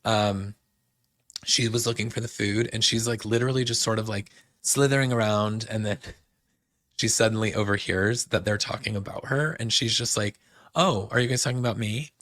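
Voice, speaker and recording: A young podcast host recaps shows in a chatty, casual way, quoting people and using lots of fillers like "like" and "um." His voice is fairly low, steady and fairly bright, at a moderate pace, in a dry, clean studio recording.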